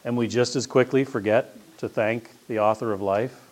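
Delivering a sermon in a steady, mid-range voice with a touch of mellowness, this man keeps a moderate pace. He's a pastor and teacher whose relaxed storytelling rises into emphatic questions.

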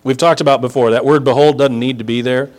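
A man's voice: medium pitch, steady tone, fast talker, a little mellow. A man teaching the Bible in a conversational, emphatic sermon, explaining verse by verse. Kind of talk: expository sermon.

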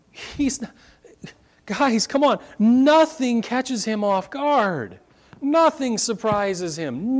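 A middle-aged man preaching a sermon, swinging from quiet asides to loud, emphatic points. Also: extremely high pitch. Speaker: pastor.

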